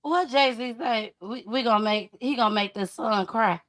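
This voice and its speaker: A woman's voice: fairly high pitch, moderate pace. A woman hosting a podcast, talking in an emphatic, repetitive way in casual dialect. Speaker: podcast host. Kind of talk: casual chat.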